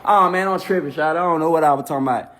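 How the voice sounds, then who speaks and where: A man's voice: fairly high pitch, fast talker, fairly bright tone. A man ranting heatedly on a livestream into a phone, mocking and swearing.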